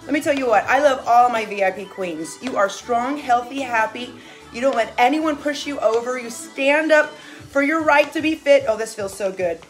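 A woman's voice: fairly high pitch, moderate pace, soft background music. A middle-aged woman coaching a live workout, cheering with enthusiastic whoops and motivating her viewers. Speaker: fitness coach.

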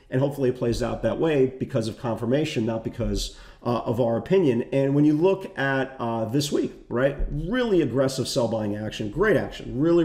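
A man's voice: medium pitch, mellow, echoey room. A man hosting a trading channel, walking through market charts in a rambling way, often repeating words and asking "right?". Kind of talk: market analysis talk.

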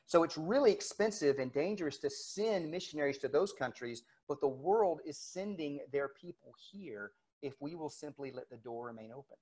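A man's voice: fairly high pitch, animated, moderate pace, few pauses, a little mellow, breathy edge. A middle-aged male pastor telling a story in a casual, conversational sermon, acting out back-and-forth dialogue as he goes. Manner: conversational, retells dialogue with quotes. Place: church sanctuary, recorded for online service.

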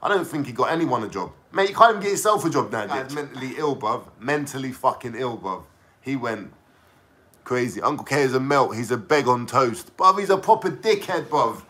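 A man's voice: medium pitch, expressive, brisk, fairly bright tone. Mocking, slangy London man. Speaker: vlogger. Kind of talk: casual ranting to camera.

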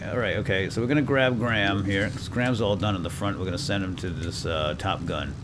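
A man's voice: low voice, fairly even intonation, brisk, few pauses, slight background noise. A man hosting a let's play, chatting casually and self-deprecatingly to viewers and now and then barking playful orders at his game crew. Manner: breaks into loud mock-commanding calls at the game crew. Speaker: gaming channel host.

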